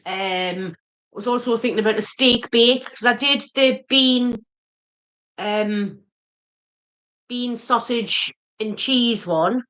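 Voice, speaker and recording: A middle-aged woman chats casually during a home live stream, wandering easily from one thought to the next. Her voice sits a little higher than most women's. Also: slow pace, long pauses, pushed and bright. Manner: chatty, easily distracted. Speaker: cooking channel co-host.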